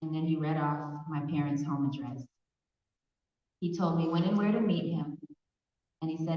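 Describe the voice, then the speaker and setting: A woman from Pasadena, California, giving personal testimony as a survivor speaker in a large hall, telling her story earnestly with hesitant pauses. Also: sits low, fairly even intonation. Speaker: survivor speaker at an awareness event. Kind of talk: personal testimony in a public talk. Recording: echoey hall from far off, dull sound.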